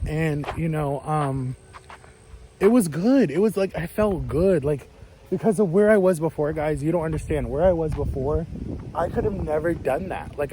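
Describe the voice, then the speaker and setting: A man in his thirties rambles through a story in a casual vlog, his voice sitting a little high for a man. He talks loosely, with plenty of "like" and restarts. Clear outdoor street and traffic noise runs behind him. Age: 30s. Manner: rambling, chatty, lots of "like" and restarts. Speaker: vlogger.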